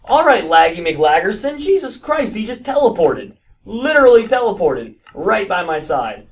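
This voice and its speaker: Excitable young-sounding man narrating gameplay. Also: high voice, moderate pace, distant mic. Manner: animated, stammering restarts, frequent exclamations. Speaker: gaming video host.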